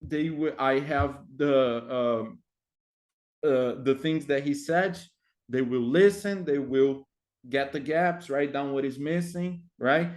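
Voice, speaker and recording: A man's voice: medium pitch, slow pace, a little mellow. Man, explaining lessons. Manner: hesitant, many fillers, frequent tag "right?". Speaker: English teacher trainer. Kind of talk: explaining classroom activities.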